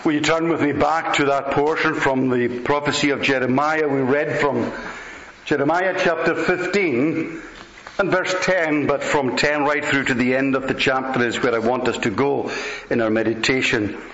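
A man preaching and reading scripture in a measured, solemn way, with slow emphatic pauses. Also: medium pitch, a bit bright. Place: church. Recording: roomy, dull church recording.

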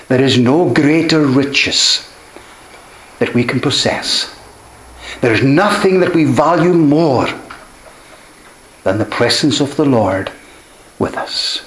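A man's voice: fairly high pitch, a bit bright. A man preaching a sermon, earnest and emphatic, often repeating key phrases for weight. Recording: echoey room.

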